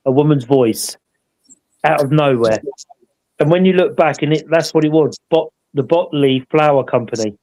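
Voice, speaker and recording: A man's voice: fairly high pitch, normal speed, darkish tone, low-quality recording. A man telling a paranormal investigation story in a rambling, casual way, often adding tag questions to draw agreement. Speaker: paranormal investigator co-hosting a live show.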